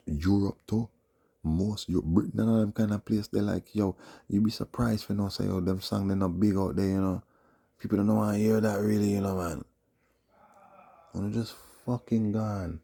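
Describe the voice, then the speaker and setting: A man with a Jamaican accent ranting in a scornful, mocking commentary and breaking into loud outbursts. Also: low-pitched, creaky, husky. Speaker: video commentator.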